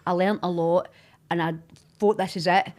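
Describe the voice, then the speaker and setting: A woman's voice: on the low side, steady tone, moderate pace, darkish tone. A woman in her fifties, a podcast guest chatting casually, bubbly and laughing often. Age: 50s. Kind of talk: casual chat.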